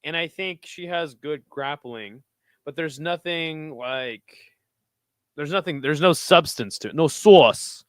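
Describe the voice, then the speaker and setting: Smooth-voiced man, loose and profane. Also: on the high side, slow, no room sound. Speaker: host reading live chat. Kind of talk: casual livestream fight picks.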